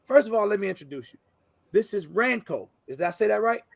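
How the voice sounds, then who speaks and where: A man's voice: high-pitched, lively intonation, quick pace, vocal fry, darkish tone, dry recording, studio quality. A man hosting a casual livestream chat, laid-back and joking, full of slang. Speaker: podcast host.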